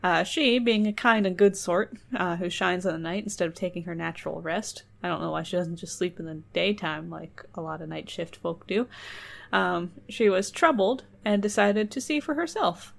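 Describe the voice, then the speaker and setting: A woman's voice: on the low side, moderate pace, gravelly. A woman reading a folk tale aloud and breaking off into joking asides. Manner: joking digressions, trailing off. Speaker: storyteller host. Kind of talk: casual storytelling with asides.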